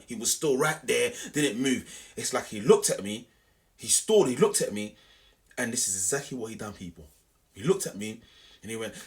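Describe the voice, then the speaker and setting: A young man telling a story to camera in an animated, slangy, repetitive way. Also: mid-range voice, vocal fry. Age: young adult. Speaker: vlogger.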